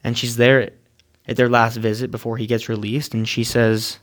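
A man telling a moving story in a sermon, measured and earnest, with dramatic pauses. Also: medium pitch, flat delivery. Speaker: speaker.

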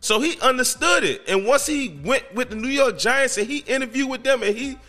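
A man hosting his own podcast, talking casually in an excitable, slangy, emphatic way. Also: extremely high pitch, a little fast, faint music behind. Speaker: podcast host. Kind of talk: casual solo podcast commentary.

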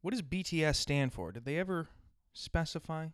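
A man's voice: a little high, animated, normal speed, clean tone, no room sound, studio quality. Profane man ranting on his podcast. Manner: crude, profane, rambling riffs. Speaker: podcast host. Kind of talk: solo podcast rant.

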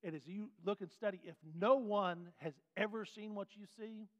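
A man teaching a Bible class in a folksy, animated way, putting questions to the class. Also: high-pitched, normal speed. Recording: dull sound with long hall reverb.

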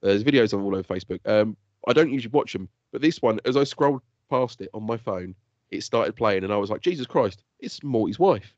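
A man co-hosting a casual podcast, excitable and teasing, laughing often. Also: on the low side, fast talker, no echo. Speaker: podcast co-host. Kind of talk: casual chat. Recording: dull lo-fi dry podcast audio.

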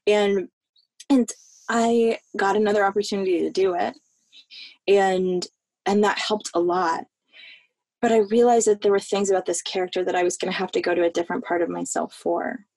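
A woman from Florida talks through a casual interview in a middle-pitched voice, earnest and rambling. She trips into restarts as her thoughts run ahead. Her voice sounds dry and close, with no room around it. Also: fairly even intonation, moderate pace, a little mellow, no room sound. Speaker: actress guest.

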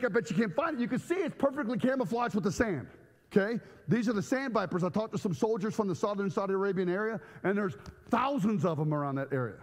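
High-voiced man preaching with an animated storytelling style. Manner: animated storyteller acting out scenes with shouts and sound effects. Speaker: pastor. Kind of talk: storytelling sermon. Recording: echoey hall.

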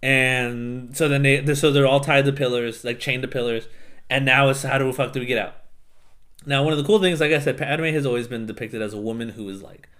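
A man co-hosting a casual podcast, retelling a film scene by scene with profanity and quick mocking voices. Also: mid-range voice, steady tone, a bit bright. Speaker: podcast co-host. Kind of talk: casual chat.

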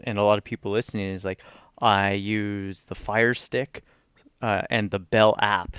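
With a fairly low, clean voice recorded at studio quality without echo, a podcast co-host tells an animated story in casual chat. He swears freely and acts out what people said.

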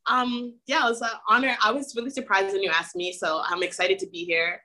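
A woman guest on a podcast, talking with animated enthusiasm. She leans into each story with lots of warmth toward her host. Her voice has a strong, bright edge. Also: fairly high pitch, fast talker, hardly any pauses, poor audio. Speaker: guest actress. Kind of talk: casual chat.

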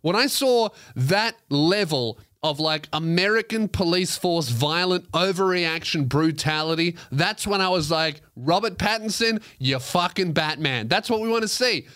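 A man's voice: fairly high pitch, lively intonation, a little slow, few pauses, a bit bright, clear, resonant tone, no echo. A young man hosting a podcast on his own, chatting casually into a close mic with rambling asides and frequent swearing. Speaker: podcast host. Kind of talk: casual solo podcast chat.

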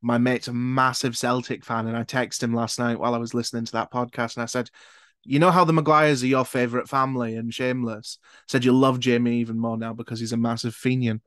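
A man's voice: medium pitch, little pitch movement, fast talker, fairly bright tone, no room sound, studio quality. A Glaswegian man hosting a podcast, talking enthusiastically and swearing casually. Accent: Glaswegian Scottish. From Glasgow, Scotland. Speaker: podcast host.

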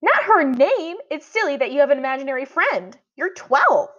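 A woman voicing a bratty, teasing little girl with a squealing high voice, read aloud from a storybook. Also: big pitch swings, moderate pace, fairly bright tone. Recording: dull lo-fi audio.

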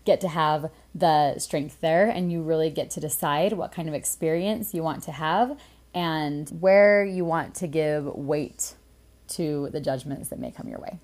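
Lively woman telling a story. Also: sits low, unhurried. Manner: lively storyteller, acts out quotes. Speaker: podcast co-host. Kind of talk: casual chat.

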